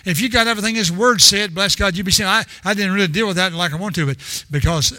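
A man's voice: sits high, quick pace, sharp tone, dry recording. An older man preaching a sermon in a rambling, storytelling way, often restarting his sentences.

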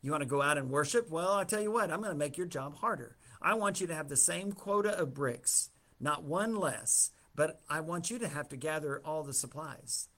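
A man's voice: a little high, expressive, moderate pace, hardly any pauses, pushed and bright. A man voicing a scornful Pharaoh who scolds his workers. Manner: dismissive, scolding. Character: scornful, irritated male Pharaoh.

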